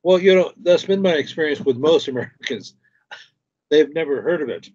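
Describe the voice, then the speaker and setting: A man hosts a casual stream chat and relays an anecdote, quoting what others said along the way. His voice is husky and sits fairly high. The audio is dull and lo-fi. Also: animated, normal speed, darkish tone. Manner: storytelling, retells others' words at length. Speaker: stream host. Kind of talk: casual conversation.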